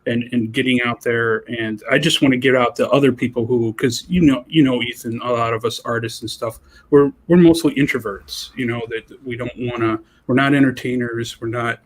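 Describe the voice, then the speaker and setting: A man's voice: mid-range voice, steady tone, fairly quick, hardly any pauses. A man, a comic artist guest on a livestream, agreeable and self-deprecating in casual talk.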